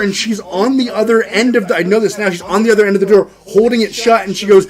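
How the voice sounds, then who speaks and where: A man's voice: high-pitched, fast, few pauses. A man casually telling rambling stories on a podcast, full of "like" fillers, acting out the people in them. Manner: rambling, heavy "like" filler, acts out voices in stories. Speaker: podcast co-host. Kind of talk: casual storytelling chat.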